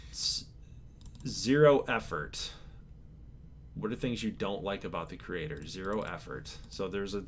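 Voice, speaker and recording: A man hosting his channel, reading out viewer survey answers in a laid-back, chill way, calling his own voice monotone and chuckling now and then. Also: fairly low pitch, slight background noise. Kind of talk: casual chat to camera.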